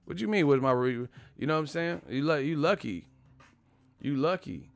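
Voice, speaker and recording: A man's voice: on the high side, animated, normal speed, gravelly, no room sound, soft background music. A man hosting a boxing live stream, talking casually and profanely, retelling stories with acted-out quotes. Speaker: boxing channel host.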